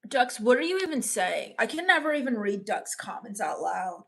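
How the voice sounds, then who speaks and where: A woman playing a sullen, bitter teenage goth girl in live-stream character comedy, mopey, deadpan and scornful as she reads the chat. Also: on the high side, moderate pace, gravelly, full character voice. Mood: sulky.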